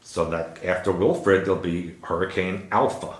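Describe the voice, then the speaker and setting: Chatty low-voiced man in a roomy echo. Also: moderate pace, slight background noise. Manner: chatty, jokey asides. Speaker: show host. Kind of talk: casual news chat.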